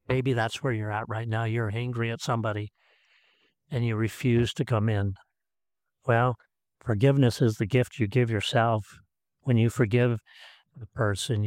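A man's voice: mid-range voice, no room sound. Earnest pastor man preaching, dry and close. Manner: earnest, repeats words, swings between emphatic and soft. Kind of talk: sermon.

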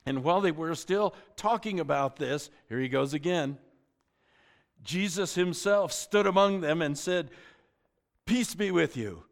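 Slightly high in pitch and measured in pace, this middle-aged pastor delivers a sermon. He jokes on the side as he tells the story and frequently stammers into restarted sentences.

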